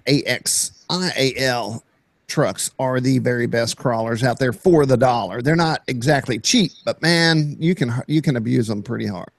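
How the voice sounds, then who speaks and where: A man's voice: medium pitch, moderate pace, vocal fry, no room sound. A man co-hosting a casual hobby show, chatting eagerly over his video clips. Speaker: co-host. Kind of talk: casual chat.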